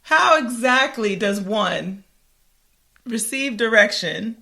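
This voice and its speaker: A woman co-host telling a story in easy conversation, her voice bright and sharp as it leaps up and down in pitch. She keeps breaking into laughter and takes her time. Her delivery is animated and unhurried. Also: creaky. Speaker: podcast co-host. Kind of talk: casual chat.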